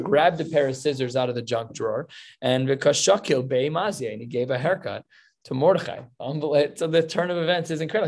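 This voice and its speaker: Gravelly, husky-voiced man teaching a class. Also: mid-range voice. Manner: explains with wry humorous asides. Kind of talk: casual Talmud class teaching.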